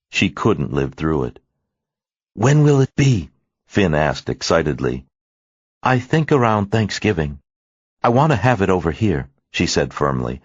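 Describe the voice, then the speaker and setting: Deep-voiced male audiobook narrator. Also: no echo. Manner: expressive storytelling. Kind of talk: scripted narration. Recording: dry, slightly muffled studio read.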